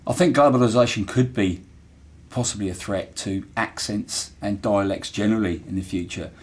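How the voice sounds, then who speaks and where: A man's voice: lowish voice, moderate pace, slight background noise. A middle-aged man with a Portsmouth accent, talking earnestly and reflectively in an interview, with frequent fillers and restarts. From Portsmouth, England. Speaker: interviewee, former dockyard worker. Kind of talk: casual interview talk.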